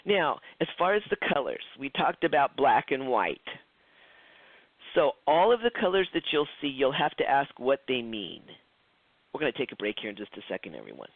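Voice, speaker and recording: A man's voice: medium pitch, very animated, normal speed, dry recording. A man teaching a psychic development class in a chatty lecture style, acting out quoted dialogue and often restarting his sentences. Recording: tinny phone-like lo-fi, dry.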